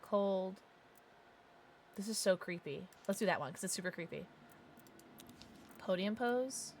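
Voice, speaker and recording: A woman streaming a game, chatting casually and excitably with quick exclamations, swearing and laughing often. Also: medium pitch, a little hiss or hum. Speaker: livestreamer. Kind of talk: casual gameplay commentary.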